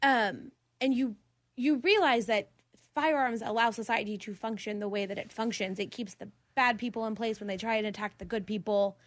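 A woman's voice: a little high, moderate pace, no echo. Blunt woman in her twenties, dry mic. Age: 20s. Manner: blunt, opinionated, laughs often. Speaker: podcast host. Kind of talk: casual debate chat.

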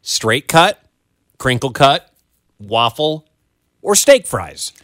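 A man's voice: medium pitch, big pitch swings, takes it slowly, a bit bright, dry recording, clean studio sound. A man co-hosting a radio show, bantering in a joking, incredulous way. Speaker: radio co-host. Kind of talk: casual radio chat.

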